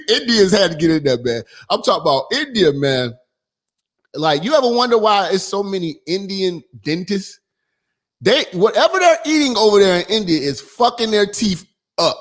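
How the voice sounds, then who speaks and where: A man with a high voice and a very lively swing in pitch hosts a call-in radio show. He rants loudly and profanely, rambles from point to point, and keeps laughing at his own remarks. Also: normal speed. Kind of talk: crude call-in radio rant.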